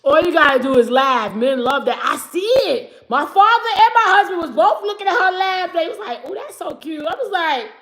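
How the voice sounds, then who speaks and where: A woman in her forties running a casual live stream, with a high voice that swoops up and down. She is brash and profane, laughs often, and mimics the people she talks about. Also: big pitch swings, a little fast, few pauses, a bit bright. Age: 40s.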